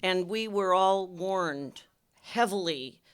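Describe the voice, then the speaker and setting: An older woman with a lowish voice answers questions on a film panel in a measured, matter-of-fact way. She speaks plainly onstage. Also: clear, resonant tone. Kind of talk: casual onstage panel chat. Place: film center stage before an audience.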